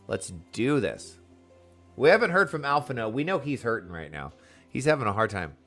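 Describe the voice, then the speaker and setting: A man streaming a video game, chatting excitedly and answering his chat. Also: medium pitch, moderate pace, soft background music. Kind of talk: casual live gameplay chat.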